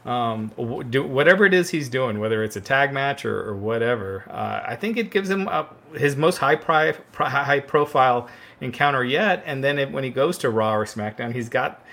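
A man's voice: medium pitch, lively intonation, moderate pace, vocal fry, a bit bright. A man co-hosting a casual wrestling podcast, easygoing and agreeable, who weighs in with his own takes and laughs often. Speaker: podcast co-host.

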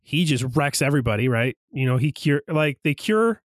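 A young man co-hosting a casual podcast, excitedly retelling movie scenes and jumping into high voices for quotes. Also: normal speed, no room sound, studio quality. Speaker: podcast co-host.

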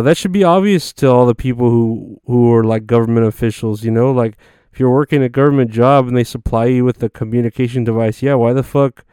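A man's voice: medium pitch, a little mellow, clear, resonant tone, no echo, studio quality. Sarcastic, foul-mouthed man ranting. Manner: crude, sarcastic and profane; rambling with frequent fillers. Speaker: podcast host. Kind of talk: comedic rant monologue.

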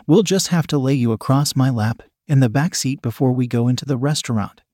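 A man voicing a dominant, teasing man who speaks low, soft and commanding. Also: a little fast, no echo, studio quality, natural voice.

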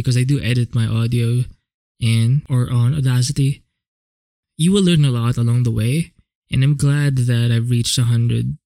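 A man talks alone on his own podcast in a loose, rambling way, dropping curse words and restarting his sentences as he goes. His voice sits at an ordinary pitch with a gravelly edge. The sound is close and dry, with no room around it. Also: mellow, no echo. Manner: casual, rambling, swears freely, frequent self-corrections. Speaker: podcast host. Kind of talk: solo reflective podcast monologue. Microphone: home podcast microphone.

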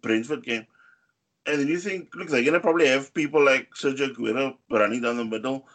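Animated man chatting about football. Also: fairly quick, a little hiss or hum. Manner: animated, rising pitch when stressing points, many fillers. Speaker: podcast co-host. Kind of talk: casual football chat.

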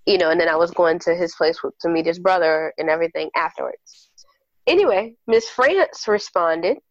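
A woman's voice: on the low side, normal speed, dry recording, muffled recording. Candid woman telling a juicy story. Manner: candid, animated, acts out quoted dialogue. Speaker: podcast guest. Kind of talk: casual storytelling chat.

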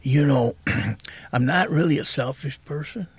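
A soft-spoken man in his fifties, telling his own story candidly as a podcast guest. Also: on the high side, unhurried, a little hiss or hum.

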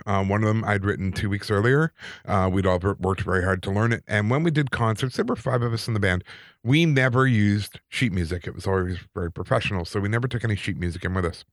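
A man on a podcast, casually telling a personal story in an animated, self-deprecating way. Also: on the low side, no echo, clean studio sound. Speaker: podcast co-host.

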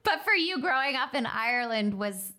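A woman hosting a casual interview, enthusiastic and quick to laugh. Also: high-pitched, expressive. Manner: enthusiastic, warm reactions, laughs often. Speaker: host.

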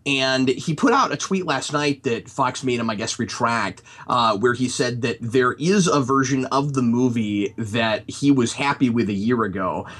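A man's voice: medium pitch, moderate pace, hardly any pauses, a bit bright. A man in a casual podcast chat, giving a rambling critique of a movie with lots of restarts. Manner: rambling, many restarts and fillers.

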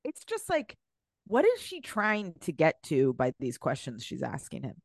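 A woman co-hosting a podcast, chatty and animated, with filler words throughout. Her voice is lowish and swings widely in pitch. The recording is close and dry. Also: unhurried, no room sound. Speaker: podcast co-host. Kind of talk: casual chat.

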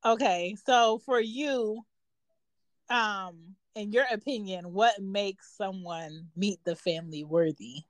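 Female podcast co-host, mid-pitched, frank, dry recording. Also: slow, no echo. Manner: frank, asks questions. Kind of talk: casual podcast chat.

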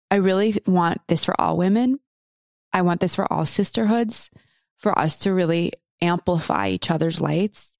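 A woman with a lowish voice hosts a podcast and speaks in a heartfelt, earnest way. She repeats phrases for emphasis. Her voice is recorded close and dry. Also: a little mellow, dry recording. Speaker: podcast host. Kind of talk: heartfelt conversation.

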